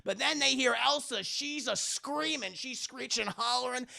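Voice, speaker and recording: A man's voice: extremely high pitch, moderate pace, vocal fry, sharp tone. A man casually and profanely recapping a movie for his live chat, talking to the viewers directly.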